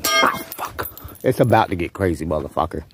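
A man's voice: deep voice, lively intonation, a little fast, loud music behind the voice. A man vlogging an in-character rant, rambling, profane and taunting an unseen rival.

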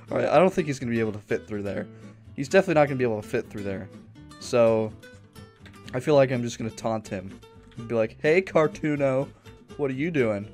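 A man talking casually through a horror maze game, rambling and jumpy, yelping when startled. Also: mid-range voice. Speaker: gaming YouTuber. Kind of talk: let's-play commentary.

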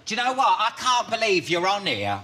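A man's voice: sits high, wildly swooping pitch, brisk. A man with an English accent hosting a chat show, camp and teasing, laughing often. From England. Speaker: talk show host. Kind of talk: cheeky chat show banter. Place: television studio. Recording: loud background noise.

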